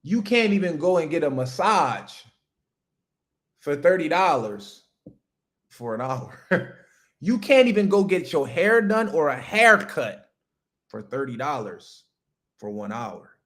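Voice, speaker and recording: A man's voice: a little high, sing-song, slow pace, pauses often, a bit bright. A man hosting a livestream, giving an emphatic, profane motivational rant about business straight to his chat. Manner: talks straight to chat viewers. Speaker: livestream host, business coach.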